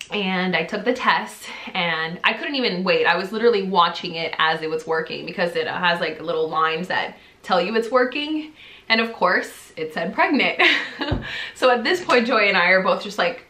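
A young woman talks straight to the camera from her home office and tells a story in a casual, animated way. She laughs often and jumps up into a higher voice when she acts out what people said. Her voice is bright and carries some echo from the room. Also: normal speed. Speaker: vlogger. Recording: echoey room.

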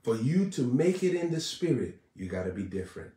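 A man's voice: medium pitch, very animated, brisk, warm tone. Male preacher, fiery repetitive delivery, roomy echo, a little distant from the mic. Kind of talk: live-streamed sermon.

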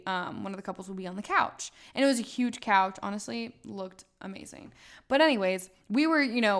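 A young American woman hosts a podcast, casually recounting a travel story with lots of dramatic retelling and plenty of fillers. Her mid-range voice is clear and resonant.

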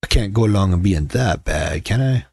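A man's voice: low-pitched, expressive, normal speed, vocal fry, a little mellow, slightly rough, dry recording, studio quality. A middle-aged man hosting a casual livestream, chatting with viewers in a sarcastic, joking way and telling stories. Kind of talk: casual chat.

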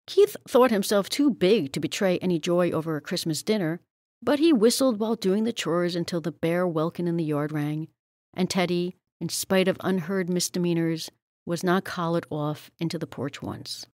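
A woman reading a story aloud in a steady, measured way. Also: lowish voice, no room sound, studio quality. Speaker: audiobook reader.

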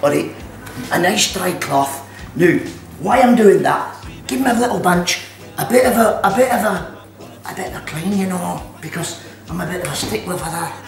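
A man's voice: sits high, lively intonation, moderate pace, gravelly. A man hosting a homemade cooking demonstration, chatty and joking as he sips whisky between steps. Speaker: cooking show host. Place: kitchen at an activity centre. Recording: echoey room, mic at a distance, music behind.

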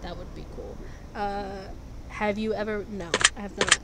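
A woman's voice: medium pitch, steady tone, measured pace. A young adult woman vlogging in a casual, blunt way, sarcastic and swearing constantly while she answers quiz questions. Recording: noisy background.

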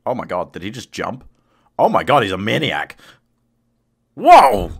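A man live-streaming a game, talking casually to his chat and yelling at his pet dog. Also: on the low side, lively intonation, a little fast, creaky, slightly rough.

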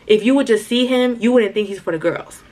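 Pitched on the high side and moving a little fast, this young woman addresses her audience as "y'all" while spinning a lively, slang-filled storytime vlog.

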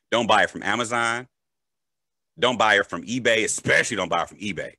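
Male crypto educator, casual and jokey, bright voice, dry close recording. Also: lowish voice, fairly quick, no echo. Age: adult, a parent. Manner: animated, joking, checks in with "right?" and "okay?". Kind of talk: casual explainer.

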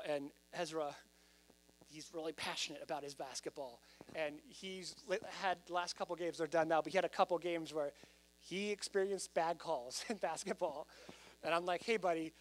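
A male pastor preaches to his church in a conversational but animated way. He often pushes his voice up to loud, emphatic peaks. A faint mains hum sits under the recording. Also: high-pitched. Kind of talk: sermon.

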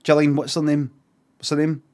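A man's voice: a little high, monotone, fairly quick, darkish tone. A man with a Scottish accent chatting casually on a live stream, rambling and swearing, with sarcastic asides.

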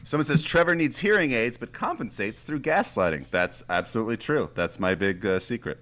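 A man co-hosting a casual stream chat, dry and joking, pausing often with "like.". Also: medium pitch, animated, a bit bright. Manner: dry, joking, hesitant with many "like"s. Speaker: co-host.

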